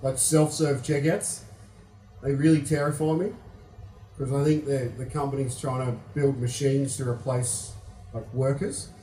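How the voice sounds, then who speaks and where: A man's voice: medium pitch, little pitch movement, measured pace, warm tone, distant mic, soft background music. A young Australian man doing a stand-up comedy set, rambling and self-deprecating with lots of swearing. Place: comedy venue with live audience. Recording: echoey room, mic picked up from afar.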